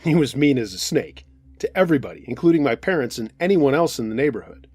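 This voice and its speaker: A man narrating true scary stories from listeners in the first person, in a steady storytelling way. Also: medium pitch, quick pace, slightly rough, dry recording.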